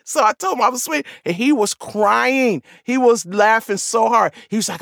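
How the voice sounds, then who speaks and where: A woman in her fifties from the Southern United States reading her own comic memoir, telling the story with lively, profane laughter. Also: on the high side, moderate pace, no echo, studio quality. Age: 50s. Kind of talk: comic memoir audiobook narration.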